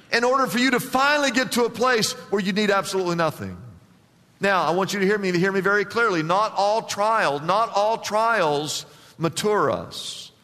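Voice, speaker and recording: A man pastor preaching a sermon emphatically, with big swings in pitch and loudness, in a church. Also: normal speed, in a large hall.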